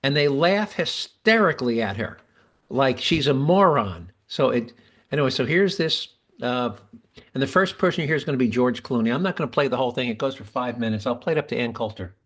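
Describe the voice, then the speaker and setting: A man's voice: medium pitch, expressive, a little fast, fairly bright tone. A man hosting a podcast, talking casually and restarting sentences as he explains. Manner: chatty, restarts often while explaining. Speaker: podcast host. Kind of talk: casual talk.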